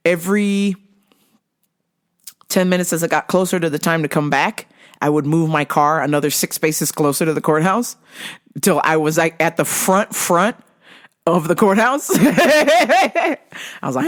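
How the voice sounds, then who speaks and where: Animated, swearing woman telling a comic story. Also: low-pitched, normal speed. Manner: animated and profane, acting out her own reactions; laughs often between lines. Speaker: podcast host.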